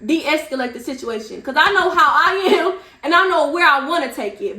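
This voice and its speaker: A young woman vlogger telling a storytime in an animated, slangy way. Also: high-pitched, roomy sound. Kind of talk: storytime vlog.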